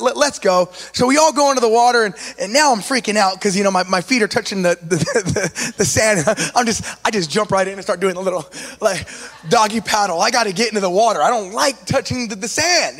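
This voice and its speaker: A man preaching a sermon with an East Los Angeles accent and a strikingly high voice. He tells an animated story, acts out the quotes and fills his talk with casual asides. His voice rings out with a long reverb around it.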